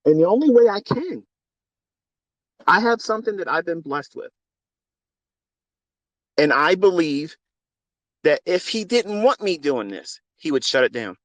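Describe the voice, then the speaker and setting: A middle-aged man speaks into a phone with a fervent, preachy intensity, slipping easy swearing in among talk of faith. His voice sits a little high for a man. The sound is dry and close, with no room around it. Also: big pitch swings, measured pace, pauses often, dry recording. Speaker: trading mentor. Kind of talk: impassioned spoken monologue.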